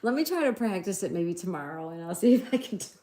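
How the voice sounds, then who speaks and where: A woman's voice: lowish voice, big pitch swings, fast talker, dark tone, roomy sound. A middle-aged woman hosting a casual livestream, chatting, giggling and reading out viewers' comments. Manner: chatty, giggly, reads out chat messages. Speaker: livestream host.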